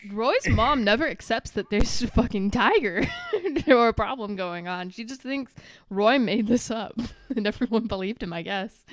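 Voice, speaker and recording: Young woman podcast co-host: very clean, smooth voice, dry close sound, casual and profane. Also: mid-range voice, no echo. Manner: loose, swears often, laughs a lot. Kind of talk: casual movie recap chat.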